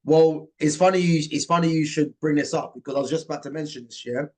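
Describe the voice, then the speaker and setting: Guy hosting a football talk, a bit high voiced, very opinionated and emphatic. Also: fast talker, darkish tone. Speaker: host. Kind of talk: casual football chat.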